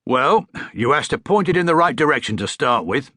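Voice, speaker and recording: A man's voice: medium pitch, sing-song, fairly quick, sharp tone, dry recording, voice pushed up. A friendly middle-aged cabbie, as a man puts him on while reading. He is chatty and sympathetic, and his voice rises and falls freely. The recording is close and dry.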